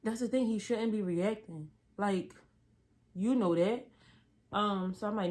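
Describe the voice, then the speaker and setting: A young woman tells a story from work in a laid-back vlog, in a voice of ordinary, middle pitch. She is animated and slangy and leans hard on her emphasis. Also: a little slow.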